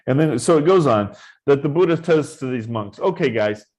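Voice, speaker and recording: A man who teaches Zen meditation, giving an informal dharma talk in a relaxed, conversational way. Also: mid-range voice, moderate pace.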